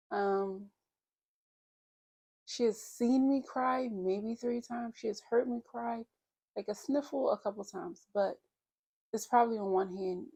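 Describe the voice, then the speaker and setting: With a mid-range voice, a darkish tone, and some vocal fry, a vlogger in her thirties shares her feelings candidly. Her talk is reflective and personal.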